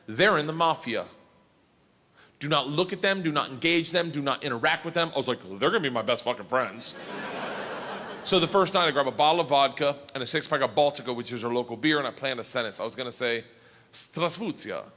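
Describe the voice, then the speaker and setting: A man telling a stand-up story on stage, bursting into shouted punchlines, recorded live in a comedy club. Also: medium pitch, quick pace. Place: comedy club stage before a laughing audience. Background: audience laughter.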